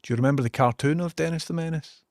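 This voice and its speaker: A man's voice: a little high, quick pace, darkish tone, no room sound, studio quality. A Scottish man chatting casually on a live stream, swearing and ranting while he multitasks. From Scotland.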